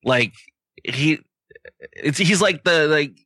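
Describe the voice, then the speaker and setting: A man's voice: a little high, takes it slowly, pushed and bright, dry recording. A man co-hosting a podcast, telling a story in casual chat, swearing and packing his speech with "like". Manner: storytelling, profane, full of "like"s. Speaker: podcast co-host.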